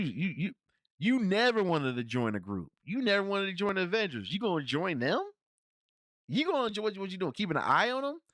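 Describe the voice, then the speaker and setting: A man's voice: a little high, a bit bright, no room sound, studio quality. A man hosting a casual film review podcast, talking in a slangy, rambling way with lots of restarts. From Cincinnati area, United States. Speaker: podcast host reviewing films.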